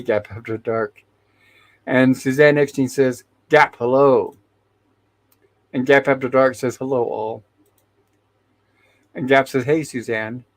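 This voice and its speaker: A man hosting a casual livestream who reads viewer chat messages aloud and greets each viewer by name, often restarting and correcting himself. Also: mid-range voice. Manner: hesitant, with frequent restarts and self-corrections. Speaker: livestream host.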